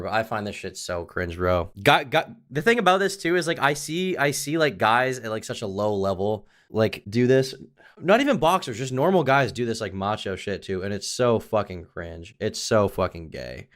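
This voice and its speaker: A man hosting a livestream, talking casually and profanely, rambling with lots of filler and trailing off low. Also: normal speed, fairly bright tone. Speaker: streamer host.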